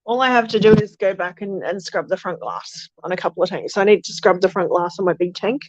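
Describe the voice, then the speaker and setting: A woman chats casually on a home stream while tending her fish tanks, chatty and self-deprecating. Her voice sits at a middle pitch. The sound is dry and slightly muffled. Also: brisk, no room sound.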